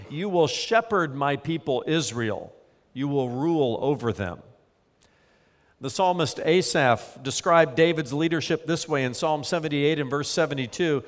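A pastor delivers a sermon with a fairly high voice, pausing to read scripture slowly and deliberately. His words ring out with a long reverb, as if spoken in a large church sanctuary. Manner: measured preaching, slows to read scripture quotes.

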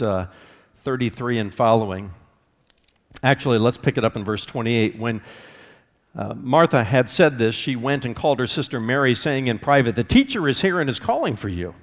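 A male pastor delivers a sermon with dramatic swings, building to loud, climbing questions and then dropping to quiet, low-voiced moments. His voice sits mid-range, and he reads scripture in a steady storytelling tone, with a long reverb trailing each phrase. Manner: emphatic preaching with wide swings between loud rising questions and hushed low passages.

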